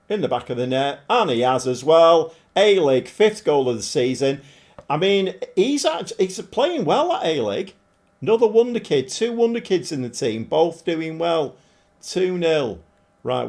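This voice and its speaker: A middle-aged man commentating live on his football management game, animated and often shouting at his players. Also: on the high side, creaky. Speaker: game streamer.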